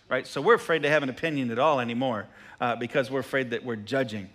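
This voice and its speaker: A man preaching a sermon as pastor, animated and jokey, who repeats phrases and asks the congregation questions. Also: medium pitch, fast. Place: church sanctuary.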